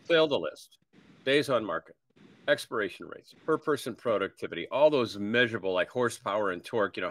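A man's voice: lowish voice, fairly bright tone, no room sound. Man teaching sales in a dry, close sound. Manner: lists points, uses everyday examples. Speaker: sales trainer guest. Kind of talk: seminar-style teaching.

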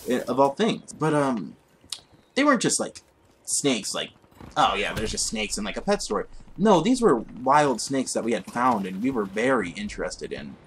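A man's voice: mid-range voice, very animated, moderate pace, slight background noise. A young man casually telling a rambling, profane story while commenting on his gameplay. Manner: rambling, profane, easily distracted by the game.

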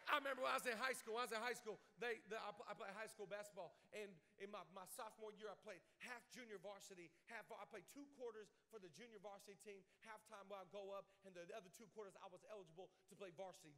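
Young male preacher, very high bright voice, humorous storyteller, shouting peaks, long hall reverb. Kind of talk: energetic sermon. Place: large hall.

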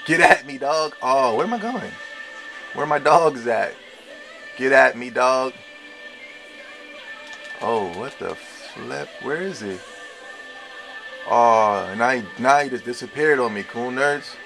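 A young man giving live gameplay commentary, trash-talking his opponents with slang and an excitable manner. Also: mid-range voice, slow, creaky, long pauses, soft background music. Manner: excitable trash talk with slang, shouts and laughs. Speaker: gamer playing online.

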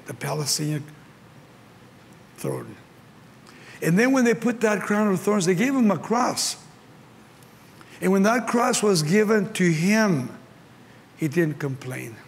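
Gravelly older pastor with a Mexican accent. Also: male voice, high-pitched, slight background noise. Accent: Mexican Spanish. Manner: impassioned storytelling, acts out quotes. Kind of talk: sermon. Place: large conference hall. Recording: long hall reverb, faint ambience.

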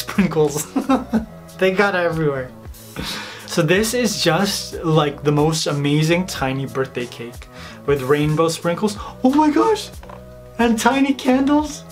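Bubbly host doing voice-over commentary, excitable, gasps and giggles, a little hoarse, faint music underneath. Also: medium pitch. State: slightly hoarse, losing voice. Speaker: baking channel host. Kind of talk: voice-over commentary on old footage.

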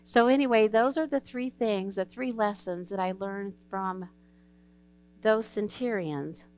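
Woman pastor giving a sermon, smooth clear voice, folksy storytelling, low hum behind. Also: a little slow, darkish tone. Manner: earnest, folksy storytelling, acts out quoted dialogue. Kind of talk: sermon with told stories. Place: church sanctuary.

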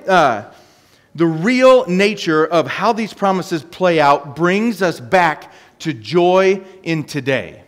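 Earnest preacher in a reverberant hall. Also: male voice, sits high. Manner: earnest preaching with scripture reading, some restarts. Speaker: pastor. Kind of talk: sermon.

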